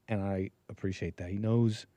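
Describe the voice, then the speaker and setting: A man's voice: lowish voice, fairly even intonation, moderate pace, mellow, no room sound. A man hosting a live-stream call-in show, talking in a rambling, joking, loose way. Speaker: host.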